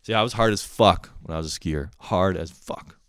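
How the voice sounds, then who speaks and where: A young man from Canada talks solo for his podcast, rambling loosely and swearing freely. His voice sits low and deep. The recording is dry and close, with no room sound. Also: a little fast, no echo. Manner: profane, rambling, laughing often. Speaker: podcast host. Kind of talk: casual monologue.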